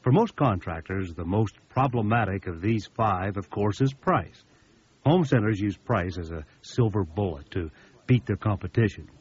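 A man's voice: on the low side, animated, moderate pace, a little mellow, slightly rough. A man giving a sales training talk to contractors, folksy and anecdotal, repeating words for emphasis. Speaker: business seminar speaker. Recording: dull lo-fi recording.

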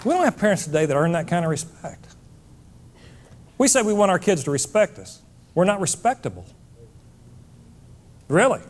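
A middle-aged man giving a live motivational talk, emphatic and preachy, building to near-shouts. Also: high-pitched, big pitch swings, normal speed, pauses often, some chatter behind, a little hiss or hum. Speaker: motivational speaker.

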